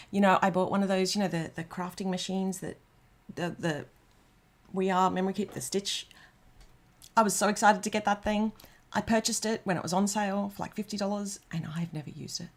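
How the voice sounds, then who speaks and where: An Australian woman hosts a casual livestream, rambling and reading out comments with lots of ums and restarts. Her mid-range voice moves at a normal speed, broken up by long pauses.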